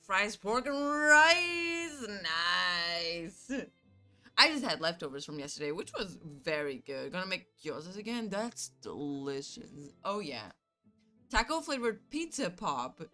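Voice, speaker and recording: A woman's voice: lowish voice, very animated, slow pace, sharp tone, soft background music. A woman streamer from Canada chatting casually with her chat, telling stories animatedly, acting out both sides and swearing freely.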